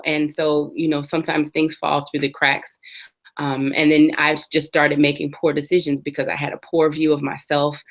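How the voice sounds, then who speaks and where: An interview guest, a woman in her forties, earnestly recounts her personal story in a low voice. She pauses reflectively and restarts her sentences as she goes.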